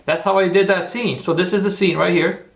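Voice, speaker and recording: Gravelly man hosting a livestream. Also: high voice, fairly even intonation, brisk. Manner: rambling, repeats himself, talks to chat. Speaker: livestream host. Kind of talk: casual tutorial livestream.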